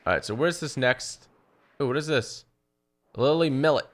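A young man giving chatty, excitable commentary while he plays a video game, often talking to his horse. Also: mid-range voice, normal speed. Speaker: gaming YouTuber. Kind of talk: let's play commentary.

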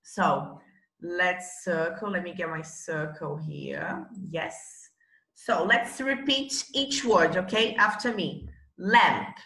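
Slow, bright-voiced woman teaching. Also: fairly low pitch, gravelly, roomy sound, poor audio. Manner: slow, encouraging drilling of words. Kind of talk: bilingual classroom lesson.

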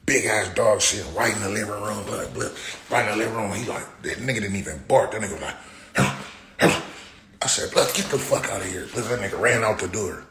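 A man's voice: on the low side, fast talker. A man streaming live, telling stories casually in heavy slang with lots of swearing and laughter. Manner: profane, slangy, laughing storyteller. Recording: roomy echo with faint noise.

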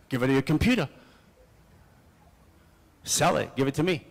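A man's voice: medium pitch, animated, normal speed, creaky, long reverb tail. An older man preaching at a seminar, firing off repeated rhetorical questions in short, punchy phrases.

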